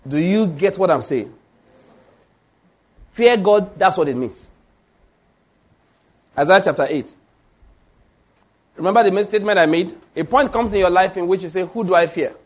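A man preaching a sermon, emphatic, repeating lines for stress and reading scripture aloud. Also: sits high.

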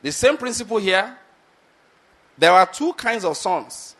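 A man's voice: high voice, lively intonation, measured pace, bright, forceful tone. A man preaching a sermon, retelling a scripture story and often asking his listeners whether they follow his point.

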